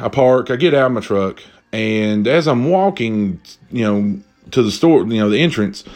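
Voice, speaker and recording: Animated, foul-mouthed young man telling a story. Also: mid-range voice. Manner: profane, animated, slangy ranting. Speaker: vlogger telling a story to viewers. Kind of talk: casual storytelling with drinking.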